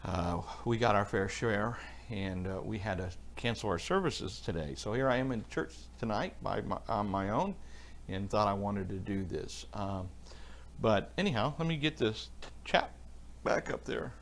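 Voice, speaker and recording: Chatty pastor livestreaming alone. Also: male voice, on the low side, expressive, normal speed, slight background noise. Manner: rambling, chatty, answers viewers by name. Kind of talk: casual livestream Bible talk reading chat. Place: church, alone.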